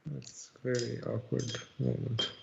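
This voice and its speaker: A man from Romania chatting casually on a stream, halting as he hunts for English words. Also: mid-range voice, flat delivery, gravelly, a little mellow, slight background noise. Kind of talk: casual chat. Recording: dull, lo-fi stream audio.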